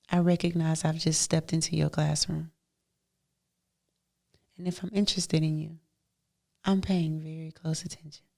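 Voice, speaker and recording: A woman hosting a podcast, talking straight to her listeners in a casual motivational monologue, animated and playful, often laughing and swinging between loud and hushed. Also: lowish voice, creaky. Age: adult mother. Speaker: podcast host.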